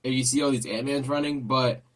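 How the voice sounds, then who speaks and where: A man's voice: mid-range voice, steady tone, fairly quick. A man hosting a casual trailer reaction, rambling and repeating himself as he thinks aloud. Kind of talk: casual chat.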